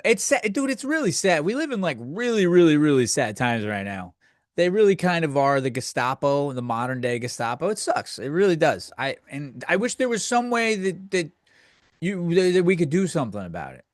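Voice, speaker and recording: A man's voice: a little high, big pitch swings, fairly quick, no room sound, studio quality. A man hosting a comedy podcast, ranting in a crude, sardonic, rambling way. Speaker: podcast host. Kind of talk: comedic rant.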